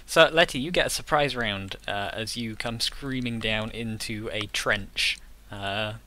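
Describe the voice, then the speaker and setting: A man narrating as game master of a tabletop game, halting and full of restarts. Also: fairly low pitch, sharp tone, no echo.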